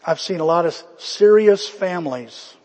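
A man's voice: sits high, a little slow, a little mellow, in a large hall. A male pastor preaching a sermon in a conversational storytelling way, acting out the quotes.

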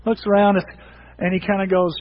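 A male pastor preaching a sermon in an animated, conversational way, often restarting his sentences. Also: high-pitched, fairly quick, long reverb tail, muffled recording.

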